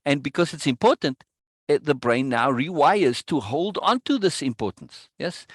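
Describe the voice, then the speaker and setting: A man leads a coaching session with an emphatic, insistent delivery, constantly checking in with his listener. His voice sits a little high for a man, and the recording is dry, with no room sound. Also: expressive, moderate pace, slightly rough, dry recording. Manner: emphatic, checks in with "right?" often.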